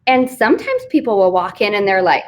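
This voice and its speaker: A woman's voice: mid-range voice, wildly swooping pitch, fairly quick. A woman from Texas, an author and business coach, telling a candid, self-deprecating story in a casual interview on a live online stream. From Fort Worth, Texas. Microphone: live online video stream.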